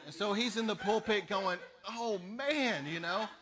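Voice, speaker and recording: A pastor preaching a sermon, telling stories in an animated way with laughter between lines. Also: male voice, high voice, a little fast, heavy background noise.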